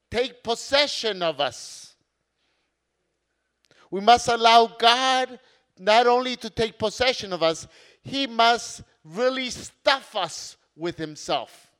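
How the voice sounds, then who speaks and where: A middle-aged man, a priest, giving an earnest conference sermon, slow overall with sudden loud emphatic words. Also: high voice, clear, resonant tone. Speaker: priest and community founder.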